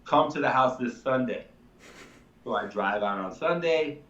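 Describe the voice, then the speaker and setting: A man's voice: medium pitch, unhurried, reverberant, recorded from a distance, muffled recording. A man telling a long story in casual, emphatic talk, a chiropractor guesting on a live show. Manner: animated, emphatic, swears casually.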